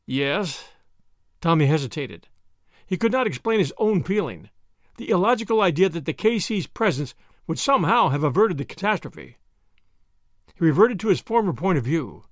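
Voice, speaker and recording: A man narrating an audiobook in an expressive storytelling delivery. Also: high-pitched, moderate pace, dry recording, clean studio sound.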